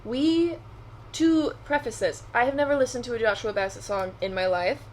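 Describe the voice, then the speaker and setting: Young woman, podcast co-host, casual chat, chatty with quick asides, faint background noise. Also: fairly high pitch.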